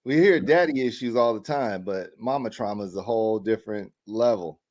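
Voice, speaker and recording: A middle-aged man co-hosting a casual talk show, telling a story with lively energy. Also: fairly low pitch, brisk. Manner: animated storyteller who acts out quoted people. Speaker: podcast co-host.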